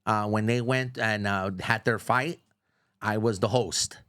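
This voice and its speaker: A middle-aged man, a radio host, telling stories as a guest in a casual, profane, animated way, often saying "bro.". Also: lowish voice, measured pace, clear, resonant tone. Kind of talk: casual storytelling.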